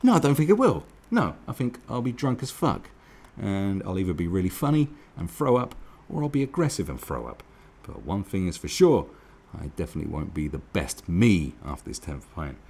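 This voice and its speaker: A man's voice: low voice, sing-song, a little fast, hardly any pauses, darkish tone. A man giving a profane, mocking commentary rant as host of his own channel. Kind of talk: ranting commentary.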